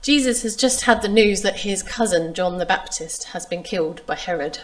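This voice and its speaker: A woman delivers a sermon in a calm, measured way, retelling a Bible passage. She reads the quoted lines with expression. Her voice sits at an ordinary middle pitch. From England. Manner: measured, expressive reading of scripture. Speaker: preacher.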